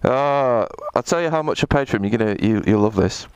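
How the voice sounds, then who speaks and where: A man's voice: animated, a little fast, clear, resonant tone, no echo. A man riding a motorbike on a city ring road, chatting in a comic, sweary way into a helmet mic with wind and traffic behind. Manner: chatty, sweary, comic, big swings in pitch. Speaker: motovlogger. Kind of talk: casual vlog commentary while riding.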